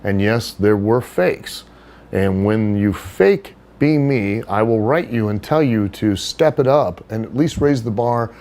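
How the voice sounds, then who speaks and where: Blunt, low-voiced man telling stories. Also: measured pace. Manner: blunt and profane, animated storytelling. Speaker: podcast guest, wrestler. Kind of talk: casual chat, storytelling.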